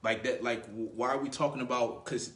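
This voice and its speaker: A man giving casual dating advice who thinks out loud and keeps checking in with the listener. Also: medium pitch, steady tone, a little fast. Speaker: dating coach. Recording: roomy echo.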